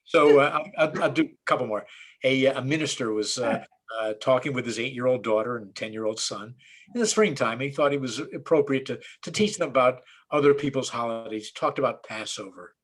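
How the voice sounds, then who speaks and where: A rabbi and comedian talking casually to an online audience, trading jokes and stories. His voice is slightly husky, and his delivery stays loose, with plenty of ums and false starts. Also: medium pitch, brisk. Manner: relaxed storyteller, many fillers and restarts. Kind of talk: online talk telling jokes.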